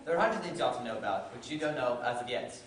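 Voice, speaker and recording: A performer playing a sensible, steadying water rat who talks in a level, reassuring way. It is a stage play caught from a distance in a very echoey hall, with clear hiss. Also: medium pitch, very fast, lightly acted. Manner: steady, reassuring and matter-of-fact.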